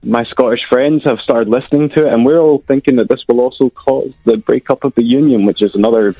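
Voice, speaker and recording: A man calling into a radio show, making dry, deadpan quips over a muffled line. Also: medium pitch, brisk, creaky, breathy edge, no room sound, soft background music. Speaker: caller. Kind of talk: casual radio chat.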